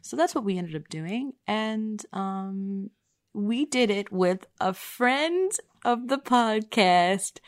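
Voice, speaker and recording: A young adult woman hosting a podcast, talking casually and rambling, with lots of fillers and quick self-corrections. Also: mid-range voice, animated, dry recording, clean studio sound. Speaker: podcast host.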